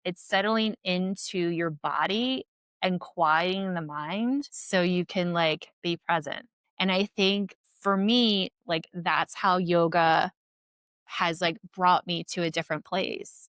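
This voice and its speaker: A woman physician and podcast guest, chatting casually and telling patient stories in a lively way, often saying "like" and laughing. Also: lowish voice, smooth, no echo. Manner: animated storyteller, heavy use of "like", laughs often. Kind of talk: casual interview chat.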